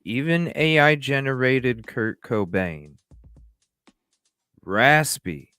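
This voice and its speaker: A man's voice: mid-range voice, sing-song, slow, pushed and bright, clean tone, no room sound, faint music behind. A man hosting a casual livestream, rambling with fillers and restarts and greeting chat viewers. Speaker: livestream host.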